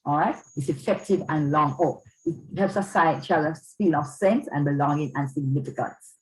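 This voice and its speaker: A woman's voice: low voice, moderate pace, rough recording. Woman, church parenting talk, earnest, checks in with listeners. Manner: earnest, checks in with "all right?". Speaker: speaker on parenting.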